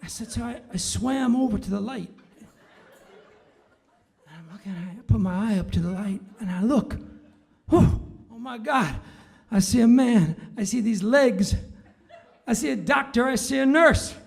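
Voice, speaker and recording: A man's voice: very high-pitched, unhurried, vocal fry. A man telling playful, self-mocking stories between songs on a live concert stage. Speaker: performing musician. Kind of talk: joking stage banter and storytelling. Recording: live music behind the voice. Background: piano music.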